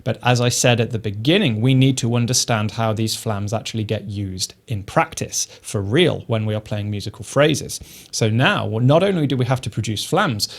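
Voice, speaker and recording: A man teaching snare drum technique, explaining each step calmly and methodically. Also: medium pitch. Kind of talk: instructional explanation.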